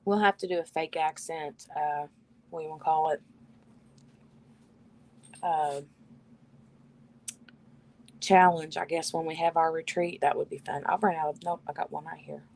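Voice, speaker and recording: A woman's voice: deep voice, fairly even intonation, moderate pace, creaky, pauses often, darkish tone. A woman hosting a casual live stream from her bedroom, chatting and reading viewer comments aloud. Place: bedroom at home.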